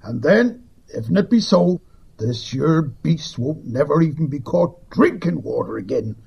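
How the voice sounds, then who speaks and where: A man voicing a gruff old male mole who speaks in a broad rustic country dialect. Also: on the high side, animated, unhurried, voice pushed up, heavily acted. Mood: stubborn. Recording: dull lo-fi recording.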